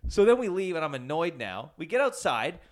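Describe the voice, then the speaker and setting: Guy on a podcast rattling off a bar story quick, does the voices of everyone in it. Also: a little high. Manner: animated, acts out quoted people. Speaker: podcast co-host. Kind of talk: casual storytelling chat.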